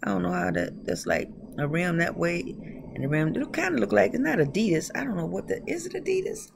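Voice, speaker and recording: A woman hosts a casual tarot reading, rambling from one thought to the next and addressing her viewers directly. Her voice sits low with a gravelly fry. The recording carries a clear bed of background noise. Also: lively intonation, a little fast. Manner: rambling, chatty, talks straight to viewers; laughs often. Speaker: tarot reader.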